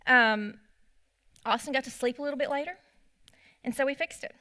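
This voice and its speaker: Bright, chatty woman. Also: high voice, normal speed. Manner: chatty storytelling with quoted asides. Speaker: parenting class teacher. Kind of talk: church parenting class talk. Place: church classroom.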